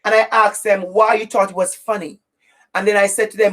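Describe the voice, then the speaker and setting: A woman's voice: medium pitch, steady tone, moderate pace, fairly bright tone. A woman with an accent giving an impassioned webinar talk as an anti-racism educator, speaking directly and repeating phrases for stress. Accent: non-native English accent.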